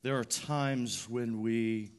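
A man preaching a sermon, moving from quiet, reflective phrases to loud, repeated, emphatic declarations. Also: mid-range voice, slow pace, clear, resonant tone. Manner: repetitive, rhythmic emphasis. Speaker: pastor.

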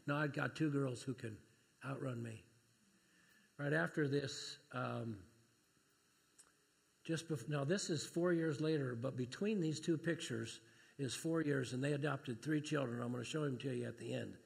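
A man preaching a sermon and telling family stories, talking plainly and then rising to loud, excited preaching. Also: medium pitch, normal speed, creaky, slightly rough, long reverb tail.

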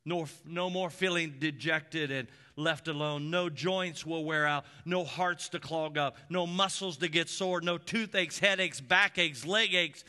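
A pastor delivers a sermon in a deliberate, unhurried cadence, his voice sitting a little high for a man. He builds repeated lists to loud, bright peaks, then drops to a near hush. The tone stays clear and forward throughout. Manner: emphatic preaching with repeated lists, swinging between loud peaks and hushed drops.

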